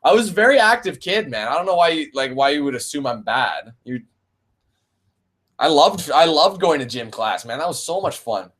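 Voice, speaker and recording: Very animated and fairly bright in tone, a young Canadian man with a slightly high voice works through viewer questions at a moderate pace during a casual live-stream Q&A. He's laid-back, swears freely, and calls people "man" and "bro."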